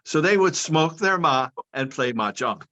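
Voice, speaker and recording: Brief: male interview guest on a video call, bright tone, dull muffled sound, explains step by step. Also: on the high side, expressive, measured pace. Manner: patient, lecturing, explains step by step. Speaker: guest, cannabis and hemp advocate.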